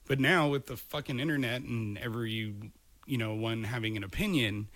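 Podcast co-host, male, mid-pitched voice, dry close mic, blunt and profane. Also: moderate pace, fairly bright tone, no room sound. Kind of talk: casual chat. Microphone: studio microphone.

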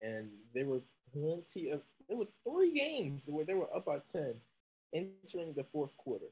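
Husky-voiced man in laid-back sports chat. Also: a little high, moderate pace, low-quality recording. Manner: relaxed, laughing, stumbles over names. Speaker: podcast co-host.

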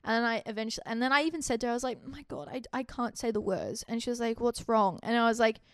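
Young aussie woman on a podcast, highish voice, dry close sound, acts out the convo as she tells it. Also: quick pace, dry recording. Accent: Australian. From Australia. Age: young adult. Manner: animated, acts out quoted dialogue in the telling. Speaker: podcast co-host. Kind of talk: casual storytelling chat.

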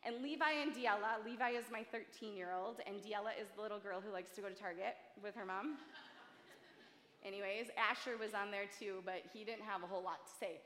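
A woman's voice: mid-range voice, fairly quick, fairly bright tone. A woman in her forties giving a sermon, chatty, earnest and self-deprecating. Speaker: church speaker. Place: large church hall. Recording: echoey church hall, long reverb.

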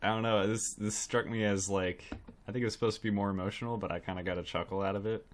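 A man with a fairly low voice, co-hosting a casual film podcast. He talks in a relaxed, wry way and chuckles now and then while he gives his verdicts. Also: quick pace. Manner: laid-back, wry, chuckling. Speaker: podcast co-host reviewing films. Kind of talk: casual chat.

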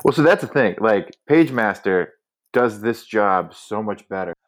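A man's voice: on the low side, animated, normal speed. A man co-hosting a casual movie review chat, wry and questioning. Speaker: podcast co-host.

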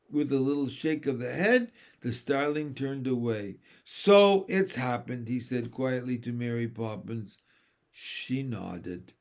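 A man reading a children's story aloud in a gentle, measured narration. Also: medium pitch. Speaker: reader.

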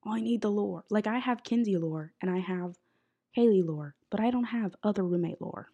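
A woman's voice: medium pitch, normal speed, warm tone, slightly rough, highs cut off. A young woman hosting a podcast, chatting casually with lots of fillers, a bit sick. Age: young adult. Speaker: podcast host. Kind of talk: casual chat. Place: college apartment bedroom.

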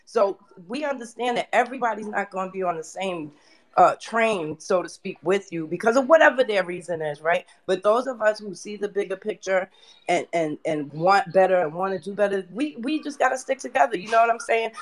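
A woman hosting a live audio chat, talking in an energetic, preachy way with lots of fillers. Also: mid-range voice, a little fast. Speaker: host.

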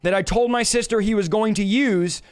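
A man sharing his personal conversion testimony on a live stream, telling it in an animated, earnest way and acting out the dialogue he quotes. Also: high voice, moderate pace, clean tone. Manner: emotional, earnest.

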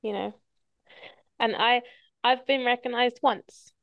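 A woman's voice: fairly high pitch, fairly even intonation, slow, no room sound, dull audio. A woman hosting a podcast, telling stories in casual chat and swearing freely. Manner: chatty storyteller, swears casually. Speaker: podcast host.

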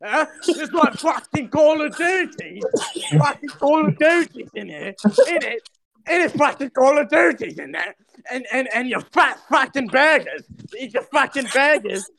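A young man putting on a loud British accent, ranting and shouting crude insults as a comic lad. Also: very high voice, very animated, normal speed, creaky, pitched above the performer's own voice, exaggerated voice. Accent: put-on British. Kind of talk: comic impression on a podcast.

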